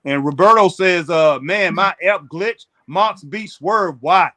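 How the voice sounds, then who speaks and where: A man hosting a wrestling chat show, reading out viewer comments in a laid-back way and laughing often. His voice is somewhat high for a man. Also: takes it slowly, bright, forceful tone. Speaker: show host.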